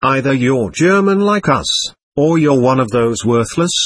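A man voicing a drunk, belligerent German corporal who shouts with contempt in an audiobook reading. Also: medium pitch, lively intonation, measured pace, husky, no echo.

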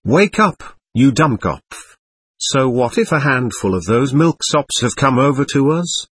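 A man voicing a drunk, belligerent German corporal who shouts with contempt in an audiobook reading. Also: mid-range voice, expressive, unhurried, husky, no echo.

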